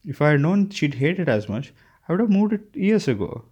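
An old woman with a haughty, querulous edge and a sharp tongue, as a man reads her in an audiobook. Her voice sits raised and strong above the reader's usual tone. She sounds both commanding and a little lost. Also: fairly high pitch, very animated, fairly quick, husky, dull audio, pitched above the performer's own voice. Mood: chatty. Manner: imperious and querulous. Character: imperious elderly Southern woman, sharp-tongued, confused.

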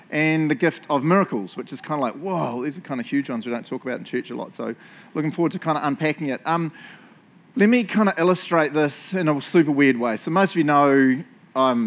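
A middle-aged man with a New Zealand accent, preaching a sermon in a casual, self-mocking storytelling way. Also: on the high side. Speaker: pastor.

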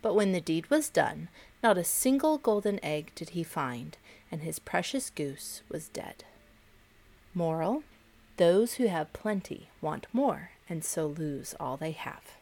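A woman hosting a podcast, reading fables to children in a gentle, expressive storytelling voice. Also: on the low side, takes it slowly, creaky. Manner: expressive, gentle, varied intonation. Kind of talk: storytelling narration for kids.

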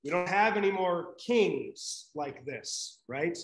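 High-voiced man teaching a Bible class. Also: expressive, slow pace, echoey room, poor audio. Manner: conversational, many fillers and "right?" checks.

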